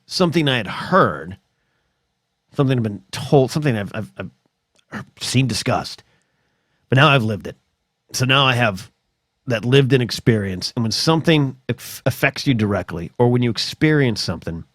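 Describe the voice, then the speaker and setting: A man's voice: mid-range voice, fairly bright tone, dry recording, clean studio sound. A middle-aged man hosting a solo podcast, telling stories in a rambling, chatty way full of asides. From United States. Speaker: podcast host.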